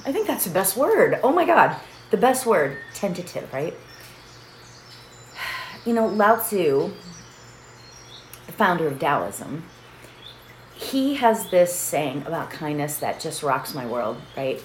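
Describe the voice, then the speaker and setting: A woman's voice: on the low side, sing-song, takes it slowly, pauses often. A middle-aged woman hosting a meditation session in a casual, chatty way, laughing often and checking in with her listeners. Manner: chatty, laughs often, keeps asking "right?". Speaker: meditation host. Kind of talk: casual chat leading a meditation. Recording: roomy echo with faint background noise.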